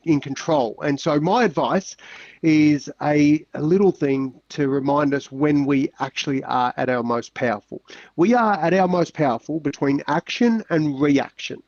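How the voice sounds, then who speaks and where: An older Australian man co-hosting a podcast, blunt and crude, quick to swear and rib his mate. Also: fairly high pitch, darkish tone, dry recording. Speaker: podcast co-host. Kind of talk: casual podcast banter. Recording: dull, dry lo-fi sound.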